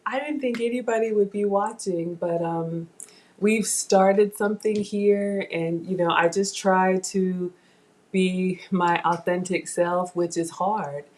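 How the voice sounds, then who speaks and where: Emotional woman talking slowly. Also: on the low side, fairly even intonation, darkish tone. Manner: halting, heartfelt, trails off. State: emotional, close to tears. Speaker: cooking livestream host. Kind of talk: casual live-stream chat.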